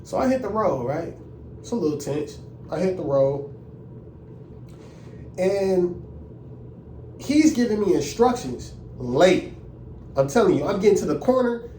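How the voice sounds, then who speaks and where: A young man telling a story in a casual, animated, indignant way and using lots of slang. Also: high-pitched, measured pace, pauses often, echoey room, recorded from a distance, slight background noise. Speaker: vlogger.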